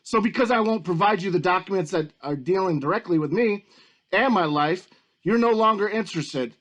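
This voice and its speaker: A man's voice: sits high, fairly quick, a bit bright. A man ranting angrily in a commentary video, swearing heavily and repeating himself as he gets worked up. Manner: profane, agitated, repetitive. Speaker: YouTube commentator.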